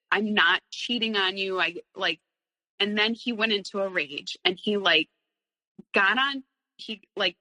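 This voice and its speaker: A woman's voice: mid-range voice, pushed and bright, big-room sound, low-quality recording. A woman in her thirties, a guest on an interview show, telling her own story candidly, rambling with many fillers and nervous little laughs.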